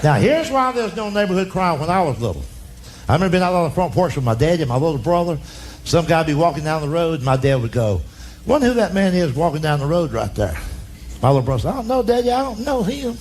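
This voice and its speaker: A man's voice: fairly high pitch, sing-song, quick pace, darkish tone, a little hiss or hum. Folksy man telling stage stories. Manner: folksy drawl, acts out relatives in quoted voices. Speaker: stand-up comedian. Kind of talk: storytelling stand-up. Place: comedy stage before a laughing audience.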